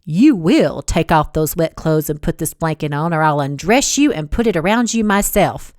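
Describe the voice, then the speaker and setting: This is a hard-edged young cowboy in a romance storybook, as a woman reading aloud puts him on. He talks low and gruff, with a sneering bite. The sound is dry and close. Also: lively intonation, moderate pace, darkish tone, no echo. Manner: gruff, sneering, lower-pitched.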